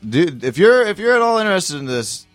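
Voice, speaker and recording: A man's voice: high voice, big pitch swings, a little fast, a bit bright, faint music behind. A man with a Southern US accent co-hosting a podcast, rambling and restarting sentences with a chuckle. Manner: rambling, self-interrupting, chuckling. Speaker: podcast co-host. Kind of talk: casual chat.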